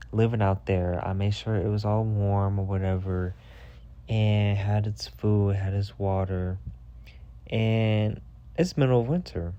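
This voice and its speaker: A man hosting a podcast, telling a casual story full of swearing, jumping to a high voice when he quotes himself. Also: muffled recording. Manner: profane, animated, jumps to a high voice when quoting himself. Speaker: podcast host.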